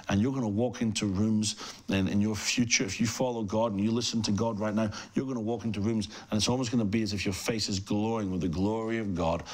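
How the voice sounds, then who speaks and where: A middle-aged man preaching a fervent televised sermon, speaking in rhythmic repeated phrases and addressing the viewer directly. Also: fairly low pitch. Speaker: pastor.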